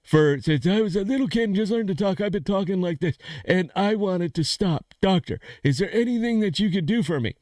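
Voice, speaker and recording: A man voicing a joke character, a grown man with an unnaturally high, squeaky voice who pleads in a strained falsetto. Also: lively intonation, a little fast, hardly any pauses, darkish tone, dry recording, studio quality. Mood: pleading.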